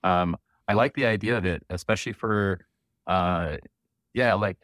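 A man speaking as a panel guest in a casual live audio chat, rambling in a relaxed way with many ums and restarts. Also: low-pitched, normal speed, dry recording.

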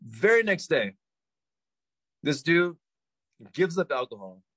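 A man as a podcast guest telling a story in a rambling, animated way, with many restarts. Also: a little high, takes it slowly, no room sound, low-quality recording. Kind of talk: casual anecdote telling.

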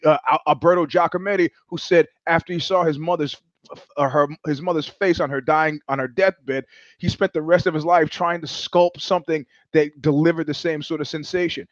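Male host, rambling comic monologue, high voice, animated and profane, dry dull sound. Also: moderate pace, dry recording. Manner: animated, profane, repetitive restarts.

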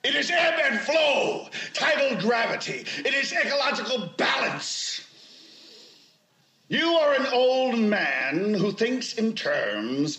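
A man's voice: very high voice, sharp tone, echoey room, exaggerated voice. An actor playing an older corporate chairman who lectures an opponent in a sermon-like tirade. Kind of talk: film drama acting.

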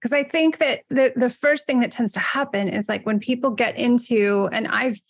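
Woman host, bubbly and animated, bright higher pitch, dry close-miked read. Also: moderate pace, no room sound. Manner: bubbly, animated, laughs often. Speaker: podcast host. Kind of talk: casual podcast conversation.

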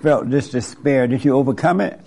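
A man's voice: mid-range voice, normal speed, creaky, a little mellow. A man interviewing, asking short probing questions as a counselor.

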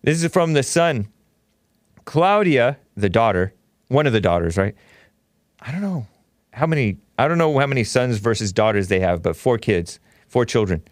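A man's voice: medium pitch, lively intonation, normal speed, long pauses, dry recording, studio quality. A man hosting a talk show, delivering an opinionated, sarcastic monologue and laughing often at his own remarks.

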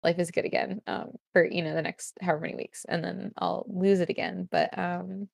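A young woman chats casually as a guest, her voice sitting a little low and full of vocal fry. She rambles, stringing her thoughts together with constant "like"s. The sound is dry and close. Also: level tone, a little fast, dry recording. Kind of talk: casual conversation.

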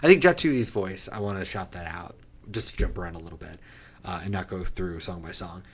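A man with a low, husky voice rambles with enthusiasm through a casual music podcast chat, swearing now and then. His delivery is loose and conversational. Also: fairly quick. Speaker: podcast co-host.

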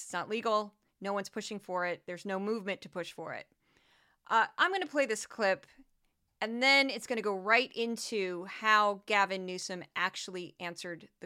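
A woman hosting a political commentary podcast, talking in an animated, indignant way and rattling off long lists with ums and uhs. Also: medium pitch, clear, resonant tone. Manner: animated, gets worked up and indignant. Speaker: podcast host.

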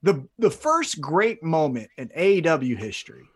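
A man's voice: on the high side, normal speed, breathy edge. A man co-hosting a casual wrestling podcast, joking and acting out quotes as he recaps. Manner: joking, animated, acts out quotes. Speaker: podcast co-host.

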